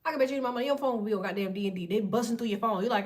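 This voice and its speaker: A woman with a slightly high voice gives a casual tarot reading. She talks bluntly, swears constantly and lectures her listener like a friend who has no patience left. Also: rapid-fire, hardly any pauses. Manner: blunt and profane, preachy. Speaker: tarot reader.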